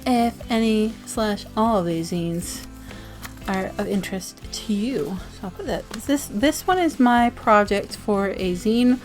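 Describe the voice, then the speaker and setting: Woman vlogger, bubbly, giggly, gushing, mid-pitched, soft music in the background. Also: expressive, a little slow. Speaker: zine reviewer vlogger. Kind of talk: casual chat, reading mail.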